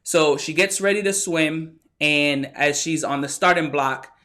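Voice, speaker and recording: A man giving a motivational talk, telling a story with lively acted-out quotes. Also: a little high, measured pace. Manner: animated storyteller who acts out the quotes. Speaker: motivational speaker.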